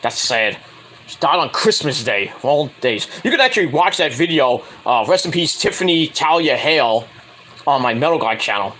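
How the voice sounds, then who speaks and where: A man talks through a wrestling show in a loose, rambling solo review, tossing in crude asides. His voice sits high and swings widely in pitch. The tone is bright and sharp. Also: lively intonation, moderate pace. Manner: rambling, crude asides, jumps into loud impressions.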